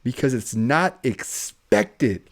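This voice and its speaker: A man's voice: mid-range voice, slow pace. A man from Ohio, a police officer, telling stories in a casual podcast chat and acting out the voices of the people in them. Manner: animated, acts out voices in his stories.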